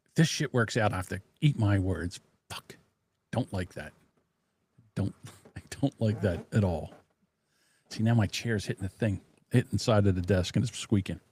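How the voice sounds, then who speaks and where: Blunt, profane man on a live stream. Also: lowish voice. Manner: muttering to himself while fiddling with software. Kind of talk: casual live stream chat. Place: home desk. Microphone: desk microphone.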